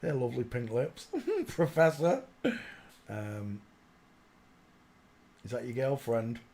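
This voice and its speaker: A man's voice: mid-range voice, lively intonation, slow, vocal fry. Man muttering over a livestream. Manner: mutters quietly to himself, with loud laughing outbursts. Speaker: livestream host. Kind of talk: casual commentary while searching images.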